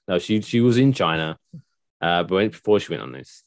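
A man's voice: low-pitched, big pitch swings, brisk, dry recording, studio quality. A man hosting a podcast in casual chat, rambling and sarcastic as he tells news stories, swearing freely.

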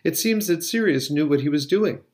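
A man reading as a wry old wizard headmaster, polite and unhurried. His phrasing is formal and measured, in a storybook reading. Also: a little high, lively intonation, darkish tone, voice pushed up, close to an everyday voice. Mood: calm.

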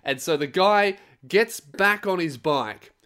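A young man hosting a podcast, telling stories in a profane, animated comic rant. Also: high voice, slow pace. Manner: profane, animated storytelling with laughs. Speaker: podcast host. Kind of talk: casual comedic rant.

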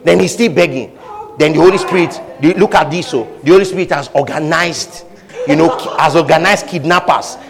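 Male pastor, fairly high voice, lively preaching that acts out voices, echoing hall. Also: brisk. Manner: animated preaching, acting out voices, frequent laughter. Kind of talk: sermon.

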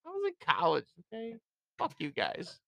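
A man co-hosting a podcast in casual chat, profane and teasing, laughing loudly. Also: high voice, huge pitch swings, normal speed, gravelly, no room sound. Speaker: podcast co-host.

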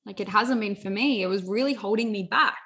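A woman's voice: medium pitch, fairly quick, fairly bright tone. A young adult woman giving an earnest motivational talk, repeating phrases and often saying "you know" and "like". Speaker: self-help speaker.

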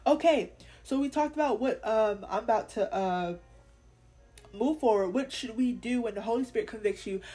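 A woman's voice: fairly high pitch, normal speed, warm tone. A young woman hosting a faith podcast, talking candidly and earnestly in casual slang, sometimes laughing. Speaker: podcast host.

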